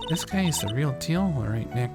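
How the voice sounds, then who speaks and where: A streamer voicing an excited young woman sidekick who chats eagerly, reading a game aloud. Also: mid-range voice, normal speed, lightly acted. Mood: gushing. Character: bubbly young woman spirit medium sidekick. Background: loud game music.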